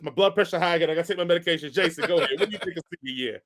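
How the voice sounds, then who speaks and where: A man co-hosting a casual podcast, ranting in an animated way with sudden jumps in pitch and volume. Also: very fast. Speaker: podcast co-host reviewing movies.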